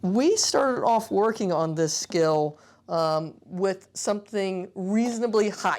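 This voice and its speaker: A woman's voice: mid-range voice, lively intonation, slow, a little mellow. A woman pediatric physical therapist explaining an exercise and playfully coaxing a young child. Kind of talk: instructional demonstration.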